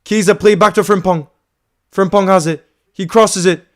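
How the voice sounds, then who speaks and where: A man hosting a live fan watchalong, calling the play, repeating himself, and swinging between frustration and shouting. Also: sits high, normal speed. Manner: emotional, swings from frustrated to screaming excitement; calls play by play, repeats phrases.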